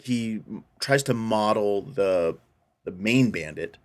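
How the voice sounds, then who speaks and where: A man with a lowish voice takes his time casually recapping a film on a podcast. He rambles enthusiastically and acts out quotes in different voices, all in an easygoing chat.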